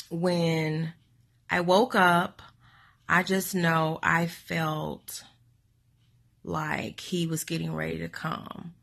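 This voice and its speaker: Bright, gravelly-voiced woman vlogger. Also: lowish voice. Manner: animated, dramatic retelling with acted quotes. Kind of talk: personal storytelling vlog.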